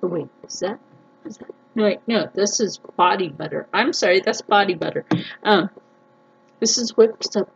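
A woman vlogging a casual unboxing, gushing and excitable, jumping into high squeals of delight. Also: normal speed. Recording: dull lo-fi sound with clear background noise.

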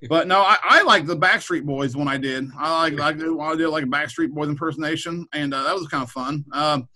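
A man's voice: fairly high pitch, brisk, sharp tone, low-quality recording. A man, a middle school principal, chatting casually on a podcast, rambling with frequent repeated words and restarts. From Kansas.

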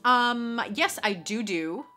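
A young woman from Canada chats through her fan mail in a bright, high voice that leaps around in pitch. She gushes over every gift. Faint background music plays under her talk. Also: takes it slowly. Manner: bubbly, gushing, squeals with excitement. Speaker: collector vlogger opening fan mail. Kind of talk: casual unboxing chat.

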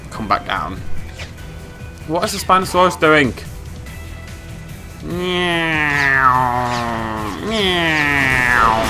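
A British man giving playful, excitable commentary on a game he is playing, humming tunes and yelping with glee. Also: medium pitch. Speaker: gameplay commentator. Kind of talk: casual let's-play commentary. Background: game music.

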